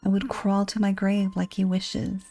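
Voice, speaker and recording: A woman giving a whispered horror game narration, hushed and anguished, over faint music. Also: medium pitch, flat delivery, unhurried, creaky. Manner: hushed, anguished first-person storytelling.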